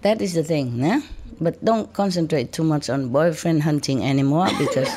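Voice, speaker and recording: A woman's voice: low-pitched, a little slow, very noisy. A woman spiritual teacher giving casual advice, often laughing and teasing, in broken English.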